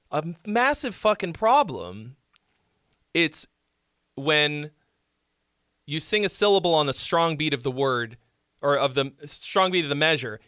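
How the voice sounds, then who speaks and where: A man's voice: on the high side, pushed and bright, no echo, studio quality. A man hosting a live song critique stream, talking bluntly with profanity and sarcasm.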